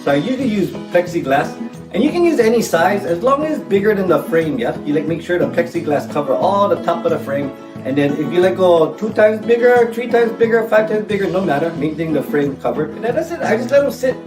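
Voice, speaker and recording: A man's voice: sits high, lively intonation, fast talker, roomy sound, far from the mic, music in the background. A man putting on a heavy Hawaiian Pidgin accent for a joking recipe video, chatty and playful. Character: exaggerated laid-back island guy, male adult. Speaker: home cook in a recipe video.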